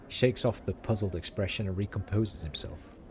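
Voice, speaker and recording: A man streaming a game, reading its text aloud and thinking out loud with halting fillers. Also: fairly low pitch, slight background noise.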